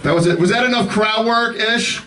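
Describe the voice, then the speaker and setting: Loose swearing comedian host. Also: male voice, sits high, moderate pace, background noise. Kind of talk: crowd work. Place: comedy club stage. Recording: distant mic with very loud crowd.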